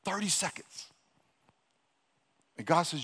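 Bright-voiced pastor preaching in a reverberant church. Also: male voice, medium pitch, expressive, normal speed, pauses often. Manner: exhorting, repeats himself, Southern-leaning casual speech; calls the congregation to loud prayer. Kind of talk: sermon. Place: large church hall. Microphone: handheld or stage microphone. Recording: long hall reverb.

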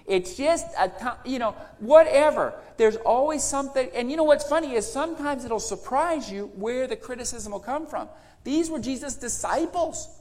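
A man's voice: high voice, big-room sound. A man, older, preaching a sermon with emphatic repetition and quoted voices. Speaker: pastor.

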